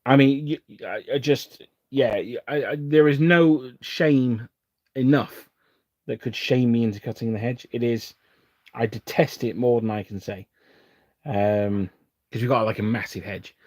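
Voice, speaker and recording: A man's voice: mid-range voice, a little slow, darkish tone, no echo, studio quality. Rambling English man chatting on a live stream. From England. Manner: rambling, self-interrupting, chuckling often. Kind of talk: casual live stream chat while building models.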